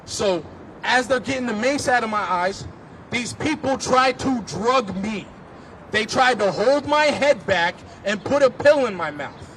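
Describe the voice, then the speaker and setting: Speaking on a city street during a march, the man recounts his story vividly and passionately, building into emphatic pleas. He sounds very high-pitched and bright, with lively intonation and an unhurried delivery, plus slight hiss or hum.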